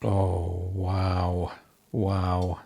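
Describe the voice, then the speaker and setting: Slow, low-voiced man hosting a cooking show. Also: completely flat delivery, vocal fry, warm tone. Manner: gushing, exclaims over the food, talks to viewers as folks. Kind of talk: home cooking demonstration. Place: home kitchen.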